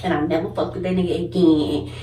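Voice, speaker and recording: A young woman vlogger telling a story in casual chat, animated, cursing and acting out the people in it. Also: fairly low pitch, quick pace, background noise. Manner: animated, swearing, laughing, acts out others' voices. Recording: echoey room, mic at a distance.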